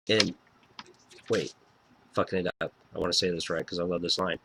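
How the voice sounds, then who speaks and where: Excitable, foul-mouthed male album reviewer. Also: deep voice, moderate pace, gravelly, long pauses, breathy edge. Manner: excitable, profane and fan-gushing. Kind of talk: casual video review.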